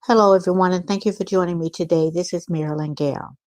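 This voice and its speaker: A woman's voice: lowish voice, steady tone, fast, a little mellow, dry recording. A woman hosting her own podcast, reading a news story aloud with chatty asides to her listeners. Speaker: channel host.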